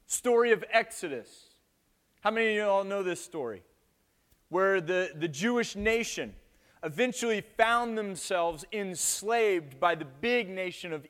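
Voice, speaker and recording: A man's voice: high-pitched, fairly bright tone. A man preaching a sermon with playful jokes to a live audience after an opening prayer.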